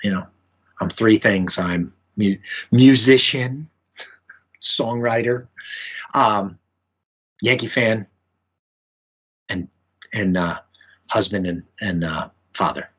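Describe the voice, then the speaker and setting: A man's voice: fairly low pitch, takes it slowly, long pauses, a bit bright, breathy edge. Man rambling about his hobbies, lo-fi. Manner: rambling, many fillers and restarts. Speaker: musician guest. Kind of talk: casual interview chat. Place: home room with memorabilia.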